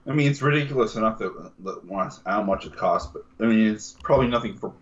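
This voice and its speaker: A man co-hosting a casual podcast, talking in quick, hesitant bursts and correcting himself as he goes. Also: fairly low pitch. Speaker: podcast co-host. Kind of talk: casual live-stream podcast chat. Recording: dull lo-fi remote audio.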